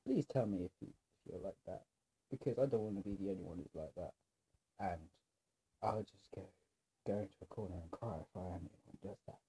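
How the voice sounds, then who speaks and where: A man with a sore throat and a nagging cough, rambling in a scattered, self-deprecating way to his camera and clearing his throat often. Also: deep voice, moderate pace, pauses often, heavy background noise. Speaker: vlogger. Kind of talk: rambling casual monologue to camera.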